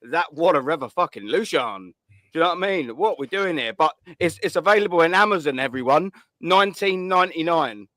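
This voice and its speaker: A man's voice: a little high, lively intonation, fairly quick, pushed and bright, no room sound. A man, hosting a casual call-in chat with blunt, sweary banter. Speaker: host.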